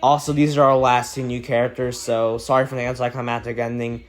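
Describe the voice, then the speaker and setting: A teenage boy giving casual, profane video commentary, excitable and prone to sudden outbursts. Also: medium pitch, brisk, soft background music. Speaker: gaming video creator.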